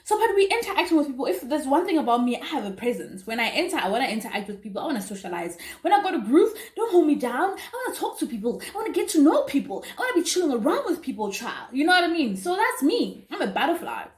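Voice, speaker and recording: Young South African woman, YouTuber, chatty storytime delivery, high voice, roomy echo. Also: fast talker, hardly any pauses. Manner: chatty and animated, with asides to viewers. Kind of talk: casual storytime.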